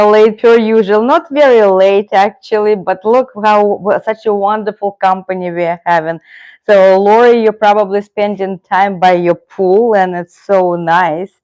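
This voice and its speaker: A woman's voice: medium pitch, measured pace, darkish tone, clean tone. A woman with a Russian accent hosting a casual livestream chat, chatty and greeting viewers by name. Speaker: livestream host.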